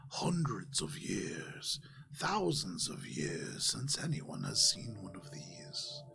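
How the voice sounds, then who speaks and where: A man's voice: lowish voice, sing-song, slow, creaky, sharp tone, in a whisper, voice pushed down, full character voice. A man voicing an ancient, long-winded spirit that lives in prayer beads and loves to lecture about storytelling. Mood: wise.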